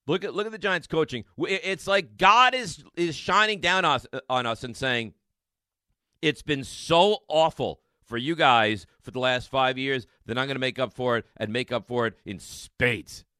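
A man hosting a sports radio show, talking in an emphatic, excitable monologue full of rhetorical questions and repeated lines. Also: medium pitch, moderate pace, clear, resonant tone, no echo, studio quality.

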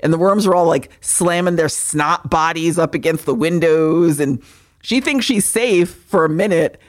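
A woman co-hosting a podcast, recapping a movie in casual chat, swearing freely and animated. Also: sits low, moderate pace. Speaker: podcast co-host.

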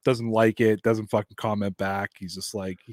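A man's voice: on the low side, little pitch movement, moderate pace, a little mellow, no room sound. A man co-hosting a casual sports chat, joking and swearing as he gives his picks. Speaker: co-host.

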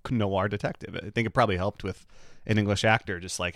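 A man co-hosting a podcast, rambling and animated in casual chat, often restarting his sentences. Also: lowish voice, fast talker, gravelly, dry recording, studio quality. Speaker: podcast co-host.

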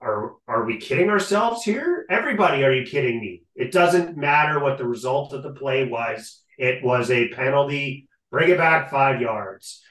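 A man co-hosting a casual sports podcast, ranting in an animated way and often repeating his catchphrase. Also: mid-range voice, normal speed, few pauses, far from the mic. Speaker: podcast co-host. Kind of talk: casual sports talk rant. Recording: echoey room, off-mic.

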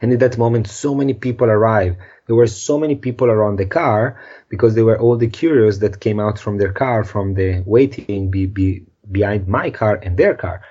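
A man's voice: on the low side, moderate pace, warm tone, slightly rough, highs cut off. Earnest man telling a story. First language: Italian. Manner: earnest, non-native phrasing, restarts words. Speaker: podcast guest. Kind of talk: emotional storytelling.

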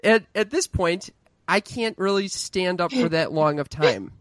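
A man's voice: high-pitched, expressive, unhurried, no room sound. A young man telling his mother a personal story in a casual, frank and self-mocking way. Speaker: storyteller, son of the host.

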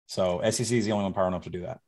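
A man with a lowish voice, from Arkansas, talks through his sports betting picks with firm confidence. His delivery is casual and emphatic, like a regular podcast guest. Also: steady tone, rapid-fire, a little mellow. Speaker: college football betting guest.

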